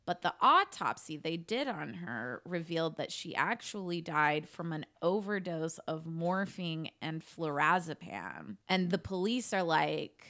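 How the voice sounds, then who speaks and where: A woman with a somewhat low voice recounts a true-crime case in a loose, conversational way. She talks like she is chatting with friends, with plenty of "like" and the odd curse word. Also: animated, unhurried, hardly any pauses, bright, forceful tone. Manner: chatty, swears, lots of "like". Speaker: podcast co-host telling a case. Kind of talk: casual true-crime storytelling.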